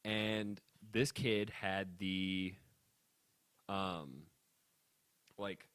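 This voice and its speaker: A young man co-hosting a casual podcast, ranting in an animated way and laughing often. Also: sits low, very slow, smooth, dry recording. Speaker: podcast co-host.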